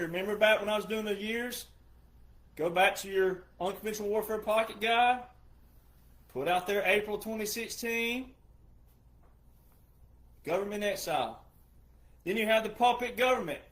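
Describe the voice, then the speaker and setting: High-voiced man ranting emphatically. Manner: forceful, repetitive, rhetorical questions. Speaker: retired military veteran commentator. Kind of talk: emphatic monologue commentary.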